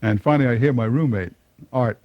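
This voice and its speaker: A man's voice: medium pitch, fairly quick, no room sound, lo-fi sound. An older man telling a personal conversion story to an audience, folksy and chuckling often. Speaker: speaker giving a personal testimony.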